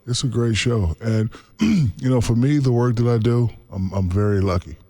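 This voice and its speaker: A man in his forties, a former basketball center, telling stories in a relaxed interview and laughing often. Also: mid-range voice, moderate pace. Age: 40s. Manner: laid-back, laughs often, acts out quotes. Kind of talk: casual storytelling interview.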